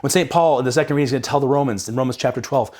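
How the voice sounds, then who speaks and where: A young man hosts a casual reflection on the Sunday readings, energetic and conversational, often repeating words when excited. His voice is mid-range and he races along.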